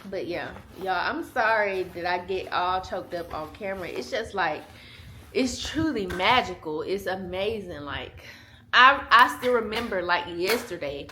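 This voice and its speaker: A woman's voice: fairly low pitch, expressive, a little slow, sharp tone, slight background noise. A woman in her twenties, a mother vlogging in casual chat to camera, candid and chatty, laughing often and talking straight to her viewers. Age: 20s. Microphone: small handheld camera.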